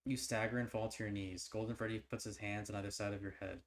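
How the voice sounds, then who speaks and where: A man's voice: lowish voice, fast. Man reading a horror novel aloud on stream. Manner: stumbles and restarts while reading, then breaks into excited theorizing.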